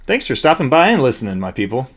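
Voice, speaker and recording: Male podcast host, easygoing, quick to laugh. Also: mid-range voice, very animated. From Nashville. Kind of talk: casual interview chat.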